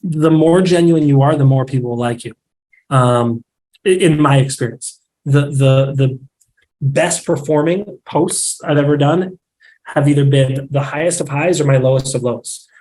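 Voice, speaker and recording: A mid-range male voice at normal speed belongs to a real estate marketing director appearing as a podcast guest. In casual conversation he's candid and animated, acting out bits of quoted dialogue to make his points, though the audio is poor.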